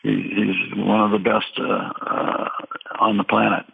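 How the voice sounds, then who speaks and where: Gravelly older man on a tinny line. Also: on the low side, flat delivery. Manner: halting, many restarts and fillers. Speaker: guest drummer and producer. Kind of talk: storytelling interview.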